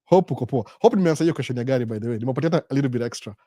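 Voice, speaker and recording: Fast-talking Kenyan man hosting a live stream. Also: mid-range voice, expressive, dark tone, dry recording, clean studio sound. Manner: rambling storyteller, acts out quoted voices, often adds "by the way". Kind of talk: casual live-stream chat mixing Swahili, Sheng and English.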